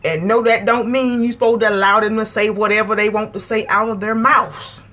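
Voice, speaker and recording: A woman hosts her own vlog, giving preachy advice straight to camera and lecturing her viewers with emphatic, repeated phrases to hammer her point home. Her voice is mid-range and fairly bright, with fairly even intonation and a fairly quick pace.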